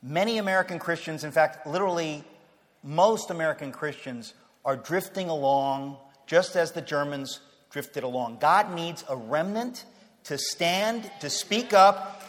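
A man giving an impassioned sermon-style speech to a Christian audience, emphatic and fervent, swinging from low, quiet passages to loud declarations. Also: moderate pace. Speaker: speaker addressing a Christian audience. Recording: long hall reverb, faint crowd.

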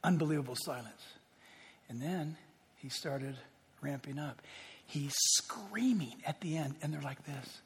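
A man preaching a sermon, emphatic, swinging from loud declarations to hushed, quiet passages. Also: fairly high pitch, unhurried, husky. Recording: long hall reverb.

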